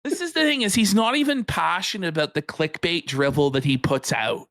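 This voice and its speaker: A man's voice: on the high side, a little fast, no room sound. Sarcastic man ranting on a live stream. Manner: mocking, animated, rants at length. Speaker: co-host.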